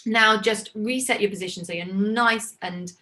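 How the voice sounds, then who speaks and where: A woman leading an online choir warm-up over a video call, encouraging the singers and demonstrating each sigh and call herself. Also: mid-range voice, steady tone, normal speed. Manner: encouraging, demonstrates vocal calls and sighs. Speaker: choir leader.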